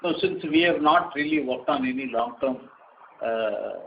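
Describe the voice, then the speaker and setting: A man's voice: medium pitch, moderate pace, vocal fry. A man with an Indian English accent, answering as a company executive on an earnings call, cautious and noncommittal. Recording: dull lo-fi line with faint noise.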